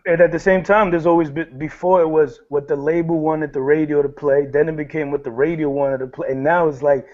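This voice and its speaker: A man on a panel talking in a slangy, animated, casual way. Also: on the high side, fairly quick. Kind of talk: panel discussion. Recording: dull lo-fi sound.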